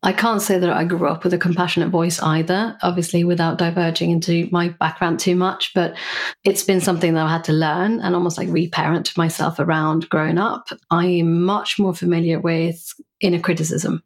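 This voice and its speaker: A woman's voice: lowish voice, level tone, fairly quick. A woman, a psychologist and coach, speaking thoughtfully as a podcast guest and explaining ideas through examples. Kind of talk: reflective podcast interview.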